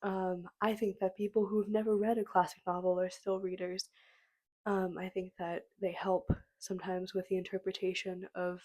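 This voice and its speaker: Young woman, kinda hoarse from being sick, flat even voice, lots of ums, chatting to her little mic at home. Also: medium pitch, moderate pace. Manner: relaxed, frequent ums, soft-spoken. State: hoarse from a cold. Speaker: book vlogger. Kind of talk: casual talking-to-camera vlog. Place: home room with books behind. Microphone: small clip-on mic.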